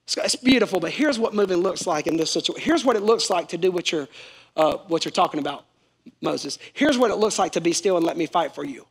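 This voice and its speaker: A man's voice: high voice, expressive, quick pace, vocal fry, husky. A male pastor preaching a sermon with emphatic repetition, calling on the congregation to answer back. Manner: emphatic, repeats key phrases, calls on the congregation to respond.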